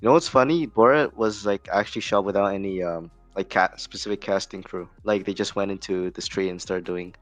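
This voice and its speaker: A man co-hosting a trading stream in casual chat, slow and measured, chuckling often. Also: low voice, dry recording, soft background music.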